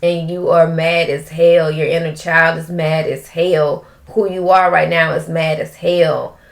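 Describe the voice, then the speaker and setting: A woman giving an emotional tarot reading, breaking into drawn-out exclamations. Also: sits low, flat delivery, creaky. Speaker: tarot reader.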